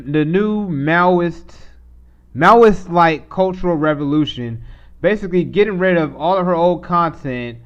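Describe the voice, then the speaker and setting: This live stream host reacts to videos, talking over a clip in a loose, rambling way with restarts and mocking fake voices. His voice is a little high, clear and resonant, though the recording itself is muffled.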